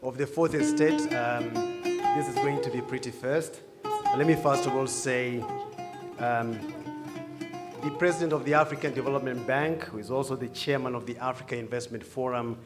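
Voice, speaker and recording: A man, a communications director, moderating a formal press conference with ceremonial, upbeat introductions and pauses. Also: mid-range voice, steady tone, over loud music. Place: large conference hall.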